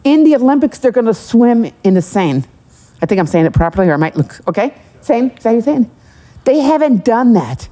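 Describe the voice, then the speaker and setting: A woman's voice: fairly high pitch, a little fast. A middle-aged woman, an economic development executive, telling stories as a guest on a live podcast, with asides and jokes. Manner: animated storyteller, jokes and asides. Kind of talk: live podcast interview with audience.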